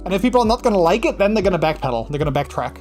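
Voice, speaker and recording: A male livestreamer with a Dutch accent talks loosely to his chat, drifting through thoughts with plenty of "like" and "um". His sentences restart and trail off. Faint music plays quietly behind him. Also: sits high, sing-song, very fast. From Netherlands. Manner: rambling, full of fillers and restarts; slips into mocking put-on voices when quoting. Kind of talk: casual livestream chat with viewers.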